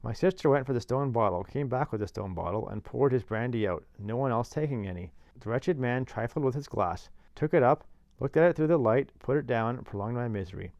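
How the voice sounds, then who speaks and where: A man narrates a classic novel at a mid pitch, steady and clear. He drops in dry, wry asides, and the recording is dry and close with no room sound. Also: fairly quick, dry recording, highs cut off. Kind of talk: reading a classic novel aloud.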